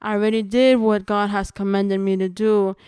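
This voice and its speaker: A young woman, a podcast guest, telling a personal testimony in casual conversation, earnest and halting with restarts. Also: medium pitch, flat delivery, a little mellow, clear, resonant tone, dry recording, clean studio sound.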